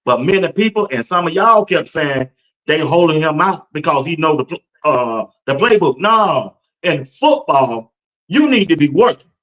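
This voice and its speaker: A man's voice: a little high, expressive, normal speed, a bit bright, highs cut off. A man, hosting a casual live-stream sports talk show, chatty and loose and speaking to viewers in the chat by name.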